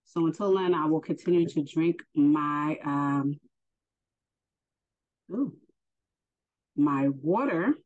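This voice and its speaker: Woman, deep voice, mellow tone, unhurried faith lesson, dull lo-fi sound. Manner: unhurried, hesitant, many fillers. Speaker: faith teacher. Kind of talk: casual spoken religious lesson. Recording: dull lo-fi recording.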